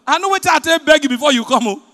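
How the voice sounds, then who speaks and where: A man with a Nigerian accent performing a stand-up comedy set in pidgin, telling stories with big swings between loud punchlines and hushed asides. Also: extremely high pitch, lively intonation, fast. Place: large hotel event hall. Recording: live hall reverb.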